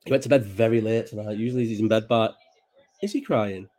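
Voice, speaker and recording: Speaking quickly in a lowish, warm voice, this Bolton man hosts a relaxed late-night livestream from his home, a child close by. He rambles, chats away and swears without holding back.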